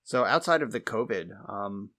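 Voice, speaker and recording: A man's voice: lowish voice, expressive, moderate pace, pushed and bright. A man co-hosting a podcast, telling exasperated, wry stories in casual chat and swearing freely. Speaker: podcast co-host.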